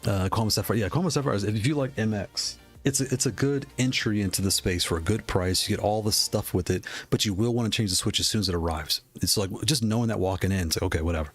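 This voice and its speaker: A man from the Northeast of the United States chatting casually on a live stream, reacting with excitement and thinking aloud as he answers chat questions. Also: on the low side, fast, few pauses, soft background music. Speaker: streamer reviewing game controllers.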